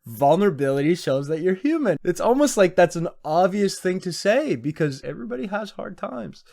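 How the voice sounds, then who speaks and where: A man's voice: high-pitched, big pitch swings, a little fast, gravelly, a little mellow. Laughing incredulous young man reacting. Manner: incredulous, laughs often, sarcastic. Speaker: YouTube commentator. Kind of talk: reaction commentary.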